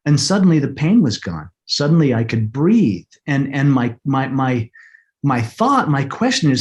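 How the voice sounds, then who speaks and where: Earnest middle-aged man, halting retelling. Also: medium pitch, sing-song, darkish tone. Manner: halting, repeats words, earnest. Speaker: interview guest. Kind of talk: emotional personal storytelling. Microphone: podcast microphone.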